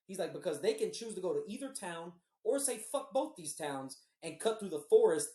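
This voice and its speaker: A woman telling a rowdy story on a podcast, her lowish voice swinging up and down with lively energy. She swears freely and slips into the voices of the people she quotes. The recording sounds roomy and echoey. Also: brisk, hardly any pauses. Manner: animated, swears freely, acts out quoted dialogue. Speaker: podcast co-host. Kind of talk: casual storytelling chat.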